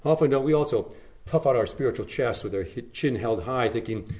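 A man preaching a sermon, telling the story by rising to emphatic phrases and then dropping to hushed, low lines. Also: animated, fairly quick.

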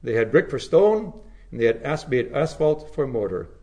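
A man preaching a sermon, with dramatic emphasis that drops to low, hushed phrases. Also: big pitch swings, normal speed.

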